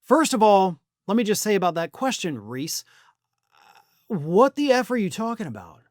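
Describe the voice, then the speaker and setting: A man's voice: high-pitched, big pitch swings, normal speed, no echo, studio quality. A middle-aged man hosting a political commentary show, talking bluntly and sarcastically, with the odd swear word. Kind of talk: opinion commentary monologue.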